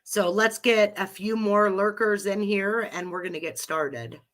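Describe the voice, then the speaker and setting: A woman's voice: mid-range voice, measured pace. A middle-aged woman with a cold, hosting a live chat with listeners in a rambling, chatty way and laughing often. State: has a cold. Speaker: live audio room host.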